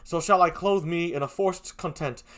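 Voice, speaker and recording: A man's voice: fairly high pitch, natural voice. A man reading a humble young officer who begs for help, during an amateur streamed play reading. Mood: pleading. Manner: rushed, pleading verse reading.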